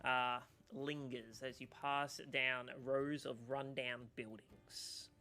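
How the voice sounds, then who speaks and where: Man, game master narration, bright smooth tone, hesitant with fillers. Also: medium pitch, little pitch movement, takes it slowly, faint music behind. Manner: hesitant, many fillers, loose descriptions.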